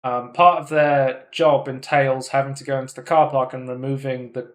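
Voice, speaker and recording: A man hosting a casual podcast, chatting in an animated way and swearing often. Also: mid-range voice, normal speed. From United Kingdom. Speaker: podcast host. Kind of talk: casual chat.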